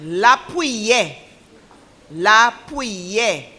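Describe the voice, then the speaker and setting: A woman reading out spelling bee words, saying each word twice in a slow, deliberate way and ruling answers correct or wrong. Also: medium pitch, animated, pushed and bright. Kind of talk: reading contest words aloud and judging answers.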